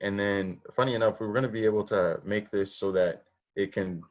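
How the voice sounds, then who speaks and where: A man's voice: on the low side, steady tone, normal speed, highs cut off. A man teaching a robotics class online, explaining step by step, asking students questions and often restarting his sentences. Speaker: robotics instructor. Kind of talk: online coding lesson.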